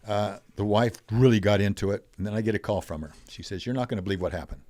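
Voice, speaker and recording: An older man telling stories as a podcast guest, animated, acting out quoted voices. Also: lowish voice, fast, dry recording. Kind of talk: storytelling in a conversational interview.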